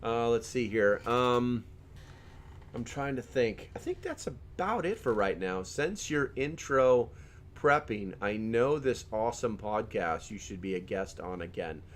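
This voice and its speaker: A man's voice: medium pitch, expressive, measured pace, a little hiss or hum. Middle-aged man, live-stream host, casual joking chat, reads comments aloud, laughs a lot, mid-range voice.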